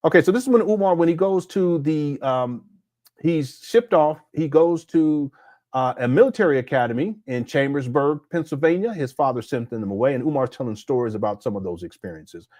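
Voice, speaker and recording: A man's voice: fairly high pitch, expressive, fairly quick, mellow, dry recording, studio quality. A man hosting a critical livestream commentary, reading chat aloud and breaking into laughter, his throat sore. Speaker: commentary host.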